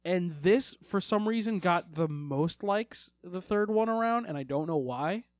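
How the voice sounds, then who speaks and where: High-voiced rambling podcast guy. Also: lively intonation, unhurried, no echo. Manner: rambling, loose, swears casually. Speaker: podcast co-host. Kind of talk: casual chat.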